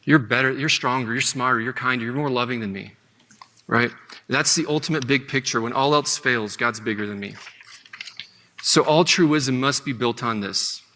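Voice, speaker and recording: A man's voice: medium pitch, normal speed, bright, forceful tone. A man teaching a Bible lesson in a conversational way, often checking in with his listeners. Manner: conversational, often asks "right?". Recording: long hall reverb.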